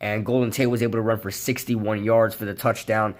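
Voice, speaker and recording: Hoarse young man, lowish voice, casual rambling game recap, lots of ums. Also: little pitch movement, fairly quick. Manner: rambling, many fillers and restarts. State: hoarse, losing his voice. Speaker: sports vlogger.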